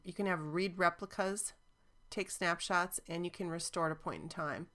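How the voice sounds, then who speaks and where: Woman, slightly low voice, casual tech tutorial narration, upbeat, lots of ums. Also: fairly even intonation, moderate pace, a bit bright. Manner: chatty, enthusiastic, frequent ums. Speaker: cloud database instructor. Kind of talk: screen-recorded software walkthrough.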